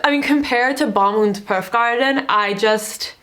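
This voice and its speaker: A young adult woman giving casual fashion commentary as a vlogger, chatty and excitable, with "like" all through her speech. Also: a little high, unhurried. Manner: chatty and excitable, full of "like" fillers.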